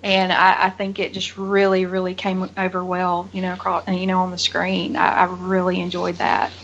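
A woman's voice: fairly low pitch, monotone, normal speed, a bit bright, highs cut off, slight background noise. A woman chatting as a guest on a podcast, talking with enthusiasm and lots of fillers. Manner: enthusiastic, rambling, many "you know" fillers. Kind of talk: casual chat.

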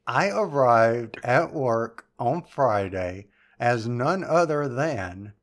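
A man in a casual podcast conversation, sharing anecdotes with a playful, relaxed delivery. His voice sits in an ordinary middle pitch. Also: slow. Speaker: podcast host.

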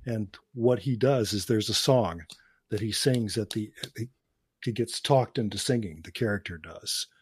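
Husky-voiced man lecturing casually. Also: lowish voice, moderate pace, no room sound. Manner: lecturing storyteller, laughs between points. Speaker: podcast co-host; cinema professor. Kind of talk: casual chat.

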